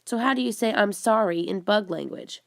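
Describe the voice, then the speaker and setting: A woman's voice: mid-range voice, moderate pace, vocal fry, natural voice. Woman reading as a wisecracking bug-boy. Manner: wisecracking, whiny. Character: boy turned into a big bug, jokey.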